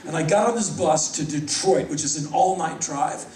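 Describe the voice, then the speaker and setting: A wry, animated American man in his fifties spins a live stage story, his voice sitting high for a man. He is caught from far off in a big, echoey hall with a faint room hum behind him. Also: moderate pace. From United States. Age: 50s. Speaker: spoken word performer. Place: large concert hall.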